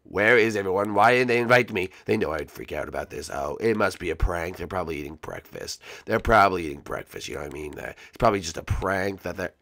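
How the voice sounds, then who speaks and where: A man's voice: sits low, lively intonation, fast, creaky, few pauses, fairly bright tone, no room sound, heavily acted. A man voicing a timid, lonely male roommate who stammers and panics in a Minecraft role-play. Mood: nervous. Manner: stammering, nervous, fretful. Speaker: regular character in a series.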